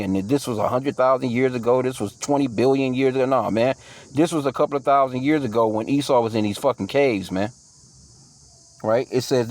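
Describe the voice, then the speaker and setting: A man's voice: medium pitch, a little mellow. A man teaching from scripture in a casual, slangy way, reading verses aloud and then riffing loosely on them. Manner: profane, with frequent fillers and restarts. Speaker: bible teacher.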